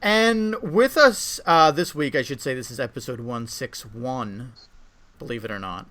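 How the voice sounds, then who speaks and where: Lively man hosting a podcast over a call, bright voice, jokey. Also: mid-range voice, a little slow. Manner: jokey, animated, trailing off and laughing. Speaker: podcast host. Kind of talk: casual podcast chat.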